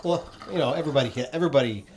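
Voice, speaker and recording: A man co-hosting a casual podcast chat, talking in a relaxed, conversational way. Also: mid-range voice, racing. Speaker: podcast co-host.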